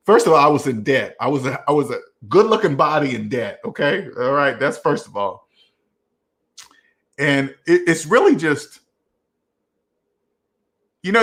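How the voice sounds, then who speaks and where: A man in his forties hosts a casual live Q&A and drifts through personal stories in a rambling way. His voice sits a little high, and he keeps tossing in "right?" and soft chuckles as he goes. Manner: rambling, repeats "right?" often; chuckles while telling stories. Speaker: host.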